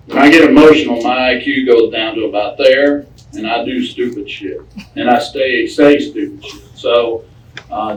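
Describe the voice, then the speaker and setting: A man with a mid-range voice tells his recovery story to a group in a folksy, plain-spoken way, repeating phrases as he goes. He is heard from some distance in an echoey room. Faint background noise sits under his talk. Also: medium pitch. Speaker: recovery speaker. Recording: echoey room, speaker off-mic.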